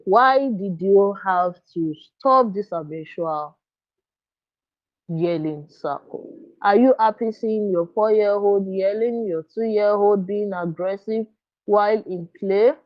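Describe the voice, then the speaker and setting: A woman coaching parents in a live online workshop, speaking earnestly and coaxingly and checking often that listeners follow her. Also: medium pitch. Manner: earnest, coaxing, often asks "you understand?". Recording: dull lo-fi dry sound.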